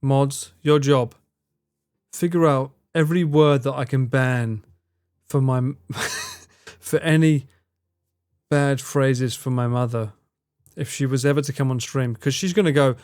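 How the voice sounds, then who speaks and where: A man's voice: medium pitch, a little slow, pauses often, a little mellow, clear, resonant tone, no echo, studio quality. A young man streaming live, chatting with his viewers in a teasing, mock-outraged way and swearing freely. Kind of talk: casual live-stream chat.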